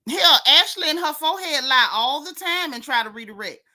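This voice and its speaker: A woman's voice: high voice, lively intonation, brisk, bright, forceful tone. A woman hosting a casual gossip livestream, sassy and mocking as she talks straight to her viewers. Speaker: host of a gossip channel.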